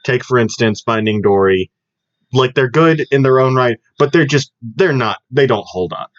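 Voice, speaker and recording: This is a young man who talks in a loose, rambling way and jumps from one joke to the next. He sounds like he's chatting with a friend on a podcast. The audio is dull and lo-fi, and the sound is dry, with no room echo. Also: medium pitch. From Southern United States. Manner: rambling, jokey, quick to laugh. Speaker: podcast co-host. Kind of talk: casual chat.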